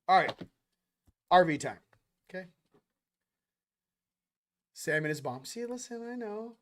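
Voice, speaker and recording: A man with a fairly high voice hosts a casual chat, drifting from topic to topic. He talks in a loose, slangy way, throwing in asides. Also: very animated, unhurried, fairly bright tone. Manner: rambling, slangy, jumps between topics. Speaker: host. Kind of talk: casual spiritual livestream chat.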